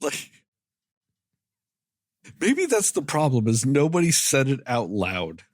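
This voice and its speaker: A man's voice: mid-range voice, takes it slowly, no room sound, studio quality. A man co-hosting a movie podcast, riffing and swearing in casual late-night chat, sounding tired. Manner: animated, profane, riffing. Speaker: podcast co-host.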